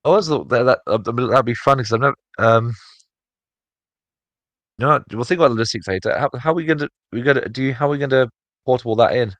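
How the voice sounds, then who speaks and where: A man's voice: mid-range voice, quick pace, a bit bright, no room sound. A man co-hosting a casual podcast chat, rambling with many fillers and restarts. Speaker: podcast co-host.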